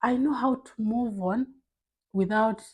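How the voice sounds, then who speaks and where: A woman's voice: a little high, measured pace, breathy edge, rough recording. A woman talking candidly to camera, giving blunt life advice in a casual, filler-filled way. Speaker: vlogger.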